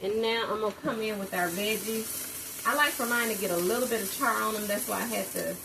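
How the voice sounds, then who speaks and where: A woman's voice: mid-range voice, fairly quick, creaky. A middle-aged woman chatting casually to viewers in her home kitchen while she cooks, calling them "y'all" and exclaiming over the food. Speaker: home cook vlogger. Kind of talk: casual cooking vlog chat. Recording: kitchen sizzle and frying noise behind.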